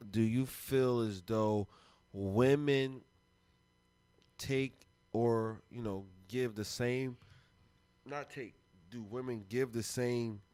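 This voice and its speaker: A man's voice: lowish voice, no room sound. A man hosting an uncensored podcast, teasing and joking crudely with his co-hosts in casual banter. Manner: teasing, loud bursts, crude jokes. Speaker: podcast host. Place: podcast studio. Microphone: studio mic.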